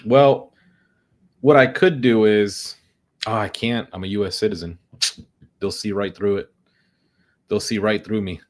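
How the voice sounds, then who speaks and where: A man's voice: lowish voice, unhurried, pauses often. A man streaming his day trading with sarcastic, joking asides while nursing a headache. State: suffering a headache. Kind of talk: casual livestream commentary.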